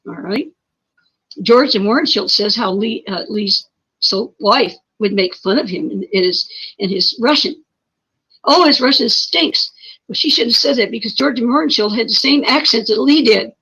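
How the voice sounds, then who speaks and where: A woman's voice: fairly high pitch, a bit bright, husky. A woman being interviewed who tells her story emphatically, pressing her points with repeated words and rhetorical questions. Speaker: interview guest. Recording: muffled lo-fi stream audio.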